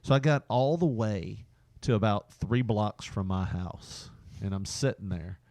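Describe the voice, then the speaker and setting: A man's voice: lowish voice, darkish tone, dry recording. A man co-hosting a podcast, telling a long, rambling personal anecdote in casual chat and laughing often as he goes. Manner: rambling, drawn-out anecdote told with frequent laughter. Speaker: podcast co-host.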